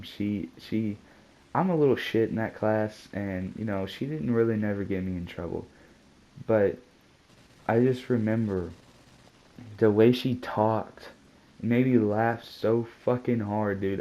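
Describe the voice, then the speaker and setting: A man's voice: lowish voice, mellow, low-quality recording. A man telling a casual storytime vlog, rambling and slangy, peppering his talk with "dude" and curse words. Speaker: vlogger.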